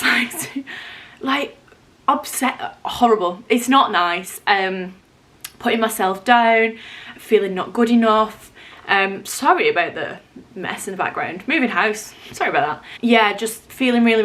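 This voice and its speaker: A woman's voice: mid-range voice, a bit bright. A young woman from England vlogging at home in the middle of a house move, chatty and confiding, with lots of fillers and self-interruptions. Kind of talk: casual chat to camera.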